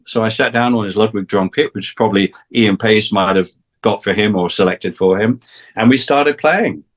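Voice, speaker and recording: A man's voice: fairly low pitch, moderate pace. A man in his sixties with an English accent, a guest on a talk show, telling long stories about his career and restarting his sentences often. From England. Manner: rambling, many restarts, acts out quoted voices. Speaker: guest, session drummer. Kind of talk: casual storytelling interview.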